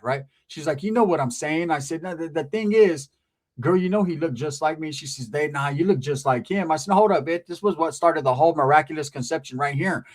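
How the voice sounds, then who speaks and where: Storyteller, male, slightly high voice, foul-mouthed and lively, does all the voices himself. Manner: animated, acts out every quoted voice; profane, slangy street talk with Spanish words. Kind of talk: casual storytelling.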